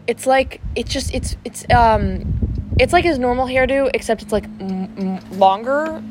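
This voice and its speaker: A woman's voice: a little high, measured pace, background noise. A teenage girl chatting casually about movies she likes, rambling with many fillers and restarts. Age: teens. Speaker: co-host rating movies. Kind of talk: casual chat.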